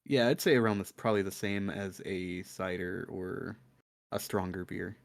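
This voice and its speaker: A man running a tabletop game as game master, with casual, halting narration. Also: low voice, steady tone, gravelly, dry recording, studio quality.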